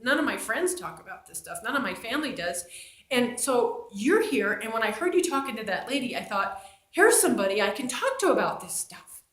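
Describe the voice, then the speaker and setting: A man's voice: extremely high pitch, very animated, a little fast, a bit bright, roomy sound, heavily acted. A woman voicing an eager, friendly male hotel clerk who earnestly wants to talk.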